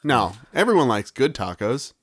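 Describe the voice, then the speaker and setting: Lively dry-voiced joking man. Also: medium pitch, normal speed, dry recording. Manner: jokey, acts out silly bits. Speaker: podcast co-host. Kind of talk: casual comedic chat.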